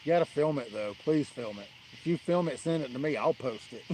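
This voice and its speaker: A laid-back man chats on a live fishing stream, laughing easily between funny stories. He talks into a camera on a tripod outdoors at night by the water. Steady outdoor night noise sits clearly behind his mid-pitched voice. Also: fairly quick, rough recording. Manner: easygoing, laughs often, tells funny stories. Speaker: fishing livestream host. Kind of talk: casual live-stream chat.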